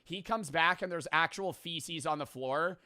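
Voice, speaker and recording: A man's voice: fairly high pitch, measured pace, sharp tone, no room sound, studio quality. A man hosting a podcast, rambling through a profane, casual plot recap full of filler words. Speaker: podcast host. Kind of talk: casual storytelling.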